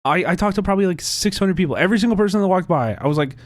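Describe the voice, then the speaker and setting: A man hosting a livestream, talking casually in an animated, profane, rambling way with many restarts. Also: high voice, racing, few pauses, dry recording, studio quality. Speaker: livestream host. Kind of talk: casual reaction chat.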